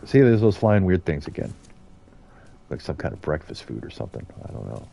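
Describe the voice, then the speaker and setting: A man's voice: extremely low pitch, sing-song, brisk, creaky, warm tone, a little hiss or hum. A middle-aged man from the United States giving rambling, casual commentary as he streams a game and chats to viewers. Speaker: gaming streamer.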